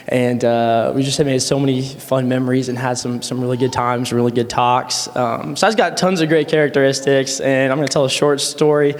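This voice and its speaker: A man's voice: mid-range voice, a little mellow. A young man, a friend of the groom, giving a casual wedding toast full of fillers and stories in a reception hall. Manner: casual, rambling, with many fillers and laughs. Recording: echoey hall sound.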